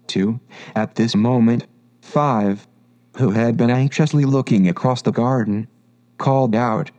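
A man reading a storybook aloud in measured, steady narration. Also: mid-range voice. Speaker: audiobook narrator.

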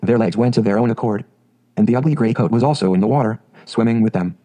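A man reading a children's fairy tale aloud in a calm, measured narration. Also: on the low side. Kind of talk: storybook narration.

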